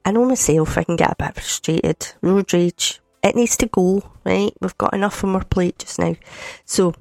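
A Scottish woman presents a Sunday radio show on a studio microphone, her lowish voice carrying vocal fry at a normal pace and sounding a bit groggy. She's chatty and jokey with warm teasing asides, and the dry, echo-free studio sound has faint music underneath.

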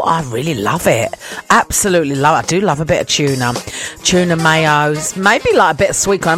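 Bubbly southern English woman radio host. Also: lowish voice. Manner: chatty, bubbly, laughs easily. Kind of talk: casual call-in radio chat.

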